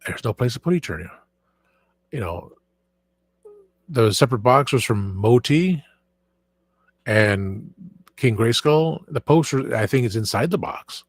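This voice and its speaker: A man chats casually on his live stream, rambling along with plenty of fillers and restarts as he answers his viewers. His voice sits in an ordinary middle pitch. The sound is dry and close, with no room echo. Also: expressive, a little slow, long pauses, breathy edge. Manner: reads and answers viewer chat. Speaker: livestream host.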